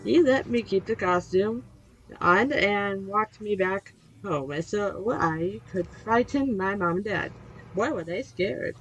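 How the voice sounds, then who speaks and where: A woman reading a spooky children's storybook aloud, animated, teasing her young viewers between pages. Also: mid-range voice, slow, low-quality recording. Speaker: channel host reading aloud. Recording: music playing behind.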